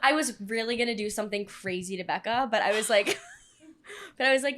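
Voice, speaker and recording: Animated young woman telling stories. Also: a little fast, a little hiss or hum. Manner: animated storyteller, acts out quotes with big pitch jumps. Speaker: podcast co-host. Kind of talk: casual chat storytelling. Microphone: podcast studio mic.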